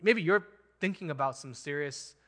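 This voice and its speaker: A man preaching a sermon as pastor, animated and emphatic, chuckling now and then. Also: fairly high pitch, moderate pace.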